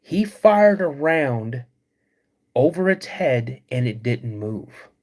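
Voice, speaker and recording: A man hosting a live podcast, retelling a creepy encounter slowly with dramatic pauses. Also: medium pitch, sing-song, a little mellow. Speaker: podcast host.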